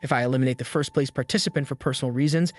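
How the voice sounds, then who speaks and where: A woman's voice: a bass voice, racing. A man voicing a haughty, scheming female angel guide who speaks with contempt and threats. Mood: scornful.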